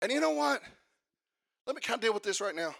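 A man preaching a sermon, fervent, building up to shouting and sing-song chanting. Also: very high-pitched, big pitch swings, fast talker, vocal fry, dry recording.

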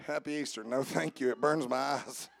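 Speaking in a gravelly, mid-range voice, a man preaches an Easter sermon. He starts with quiet jokes to the congregation before rising into loud, stretched-out preaching.

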